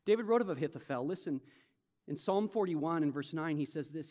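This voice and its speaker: A man preaching a sermon as pastor, emphatic, swinging from soft reflection to loud, urgent bursts and acting out imagined speakers. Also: fairly high pitch, expressive, brisk. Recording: long hall reverb.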